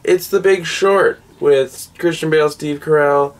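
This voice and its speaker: A man's voice: on the high side, steady tone, unhurried, distant mic. A man co-hosting a casual chat show, telling jokey stories about movies he bought. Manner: chatty, jokey storyteller. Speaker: co-host.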